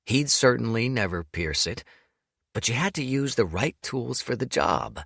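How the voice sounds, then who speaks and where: A man narrating an audiobook in an expressive, storytelling manner. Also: mid-range voice, moderate pace, gravelly, dry recording, studio quality.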